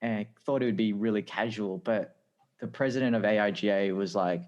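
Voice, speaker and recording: Chatty Australian man, lowish voice. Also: steady tone, a little fast, muffled recording. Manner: chatty, acts out quoted dialogue. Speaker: guest, design director. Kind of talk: casual storytelling.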